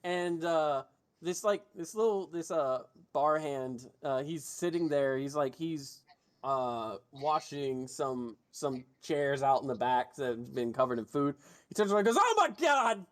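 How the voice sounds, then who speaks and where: A man's voice: mid-range voice, slow pace. A man narrating a tabletop game as game master, casual, with frequent restarts and swearing.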